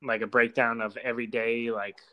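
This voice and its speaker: A man's voice: mid-range voice, little pitch movement, normal speed, highs cut off. Profane young man telling a story. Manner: loose, profane storytelling, lots of fillers. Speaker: storyteller guest. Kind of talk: casual podcast chat.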